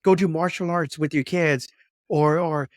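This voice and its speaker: Male podcast host, somewhat higher voice, warm encouragement, emphatic repeats. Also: steady tone, unhurried, dry recording, clean studio sound. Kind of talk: conversational interview.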